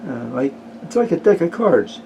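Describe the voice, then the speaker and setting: Folksy man telling jokes, slightly high voice. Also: big pitch swings, muffled recording, slight background noise. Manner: folksy, unhurried, with frequent "uh" pauses. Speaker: amateur joke teller. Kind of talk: casual joke telling.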